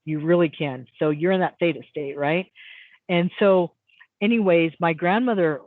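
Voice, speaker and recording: A middle-aged woman, a hypnotist, telling a story as a guest in an interview, acting out quotes with sudden jumps in pitch and often repeating words as she restarts. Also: moderate pace, dry recording. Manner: animated, acts out quotes with big pitch jumps. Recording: dry tinny phone-like sound.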